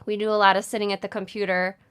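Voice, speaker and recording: Smooth-voiced woman chatting casually. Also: medium pitch, racing. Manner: chatty, relaxed, laughs often. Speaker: co-host of a sewing channel. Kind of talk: casual chat.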